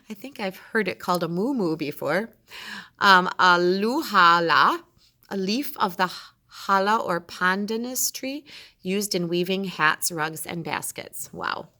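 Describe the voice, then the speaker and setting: A woman reads a children's story aloud in a bright, clear voice and stops now and then for chatty remarks to her listeners. Her pitch sits a little low for a woman. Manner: chatty asides between the reading. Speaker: storyteller reading a picture book aloud.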